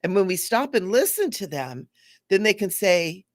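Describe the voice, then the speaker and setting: A woman's voice: mid-range voice, big pitch swings, moderate pace, no room sound, clean studio sound. A woman giving an earnest spiritual teaching talk, now and then acting out the voices she quotes.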